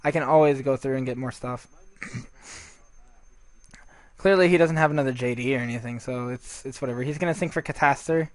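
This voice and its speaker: A man's voice: medium pitch, a little fast, pauses often, dry recording. Man with dry close voice, game commentary. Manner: rambling, swears freely, many restarts. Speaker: gameplay commentator. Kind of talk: casual gameplay commentary.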